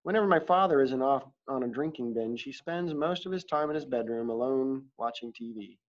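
A man's voice: mid-range voice, a little fast. A man reading a first-person audiobook in a plain, confessional storytelling manner, in a dull lo-fi recording. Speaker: audiobook narrator.

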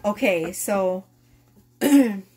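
A woman's voice: medium pitch, lively intonation, very slow, mellow, breathy edge, faint music behind. A woman in her thirties who is losing her voice, chatting casually and swearing as she reads tarot cards to camera. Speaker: tarot reader.

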